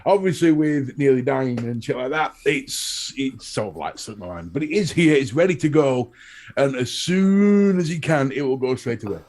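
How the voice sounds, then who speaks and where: A man's voice: mid-range voice, expressive, moderate pace, a little mellow. A man with a Northern English accent co-hosting a live stream, cheeky and sweary as he teases his co-hosts. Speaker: co-host. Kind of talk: casual live-stream chat.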